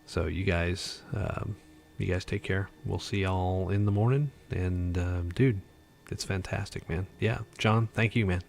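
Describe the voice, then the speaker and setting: A man's voice: low voice, steady tone, a little slow, vocal fry, hardly any pauses, slight background noise. A tired man hosting a casual livestream chat, rambling with lots of fillers. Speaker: livestream host.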